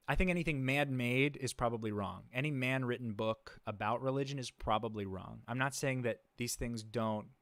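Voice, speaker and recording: A man's voice: medium pitch, dry recording. Laid-back man rambling on a livestream. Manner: rambling, many fillers and restarts; laid-back, chuckles often. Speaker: livestream host. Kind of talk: casual livestream chat.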